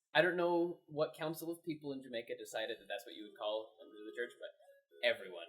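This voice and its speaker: A man's voice: medium pitch, quick pace, poor audio. A young man telling casual stories with frequent laughter while playing a game with a friend. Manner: animated, laughs often. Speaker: co-host and game player. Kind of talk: casual storytelling while gaming.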